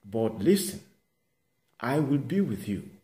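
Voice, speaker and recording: A man's voice: mid-range voice, very animated, takes it slowly, warm tone, voice pushed up. A man preaching, voicing God as a commanding, reassuring divine figure who repeats his promises insistently. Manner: emphatic, insistent repetition. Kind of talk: sermon with acted quotes.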